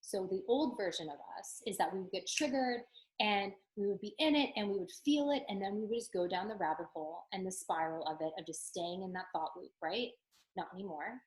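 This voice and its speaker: A woman coaching her listeners in a relaxed, chatty teaching monologue. Her voice sits in a middle pitch, and she sounds earnest and encouraging. Her talk is loose and is filled with "like" and "um". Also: a little fast, rough recording. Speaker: spiritual coach.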